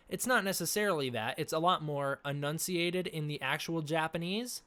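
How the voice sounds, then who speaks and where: A man's voice: a little high, normal speed. Man ranting on a livestream, scratchy throat. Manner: animated, ranting, lots of fillers and restarts. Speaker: livestream host. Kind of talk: casual livestream rant.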